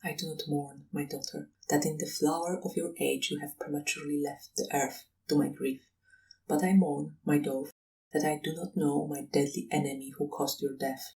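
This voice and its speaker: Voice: mid-range voice, expressive, a little fast, distant mic, lightly acted, poor audio. A reader voicing a stern, grieving old colonel who speaks solemnly and mournfully, in an audiobook reading. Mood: mourning.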